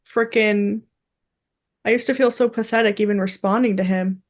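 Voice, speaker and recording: A young woman co-hosting a podcast tells a story during casual chat, acting out quotes with lively energy. Her voice sits mid-range at a normal speed.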